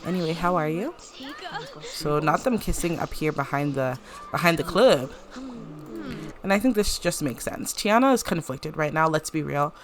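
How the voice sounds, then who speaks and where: Young woman, low-ish voice, chatty let's-play commentator, giggles often, crowd noise in the background. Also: animated. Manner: chatty, giggly, narrates characters' lines in quick playful voices. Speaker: gameplay commentator.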